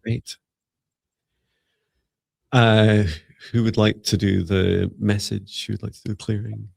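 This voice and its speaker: Gravelly low-voiced man joking on a live stream. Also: little pitch movement, dry recording, clean studio sound. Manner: playful and joking, with quick teasing asides. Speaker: psychic mentor co-hosting a live reading stream. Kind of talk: casual live-stream chat.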